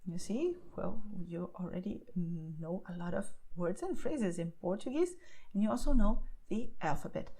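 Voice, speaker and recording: A woman teaching a beginner's pronunciation lesson, explaining patiently and clearly and often checking in with "okay?". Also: mid-range voice, lively intonation, normal speed, mellow. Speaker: language teacher.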